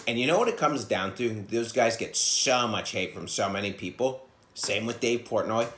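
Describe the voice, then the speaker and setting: A man who is a comedian hosting his own podcast, ranting bluntly and profanely, jumping from loud outbursts to low mutters. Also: expressive, normal speed, slight background noise. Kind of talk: casual monologue rant. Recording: echoey room sound.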